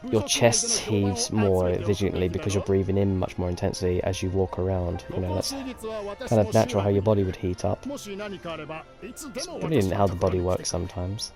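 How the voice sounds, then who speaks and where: A young man talks his way through a video game in a loose, rambling commentary, drifting off on tangents as he plays. His voice sits on the low side but swings around a lot. Game music plays clearly underneath him. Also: big pitch swings, moderate pace. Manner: rambling, musing aloud with fillers. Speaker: let's play gamer. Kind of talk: casual gameplay commentary. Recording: game music playing behind.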